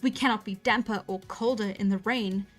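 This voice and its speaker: A woman reading a classic novel aloud on a livestream, relaxed and chatty, laughing at her own slips. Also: mid-range voice, a little fast, soft background music. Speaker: storyteller.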